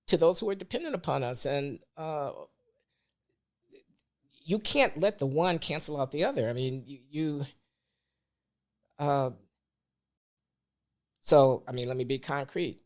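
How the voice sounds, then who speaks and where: Measured, emphatic man guest. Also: a little high, darkish tone. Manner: measured, deliberate, emphatic on key words. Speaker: podcast guest. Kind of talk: conversational opinion talk.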